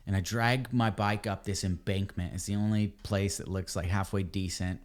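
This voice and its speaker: Guy telling a wild story on a podcast, kinda low voice, says dude a lot. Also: measured pace. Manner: animated, swears casually, says "dude" and "man". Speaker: podcast guest, ebike company cofounder. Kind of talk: casual storytelling.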